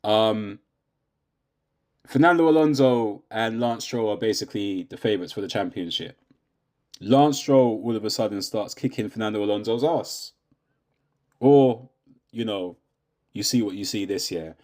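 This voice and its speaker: A man's voice: lowish voice, normal speed, pauses often, darkish tone. A British man giving a casual, opinionated rant, asking rhetorical questions and often checking in with his listener. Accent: British English. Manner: conversational, rhetorical questions, says "do you know what I mean" often. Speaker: YouTube commentator.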